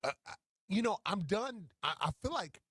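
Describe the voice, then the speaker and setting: A man co-hosting sports radio, excitable, stammering and restarting as he talks into a studio microphone. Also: high-pitched, normal speed, slightly rough, dry recording. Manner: animated, stammers and restarts, laughs easily. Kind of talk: casual sports radio talk.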